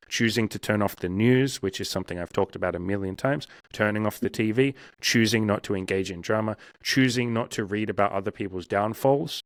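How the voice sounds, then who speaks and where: A man's voice: on the low side, dry recording, studio quality. A male coach talking frankly in a casual interview, swearing freely and acting out inner voices.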